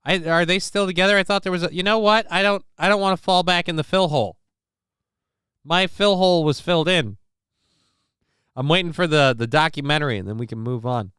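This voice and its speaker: A man's voice: a little high, brisk, a bit bright, smooth, dry recording, clean studio sound. A man hosting a casual livestream, joking loosely and with profanity while reading out viewer comments. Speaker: livestream show host.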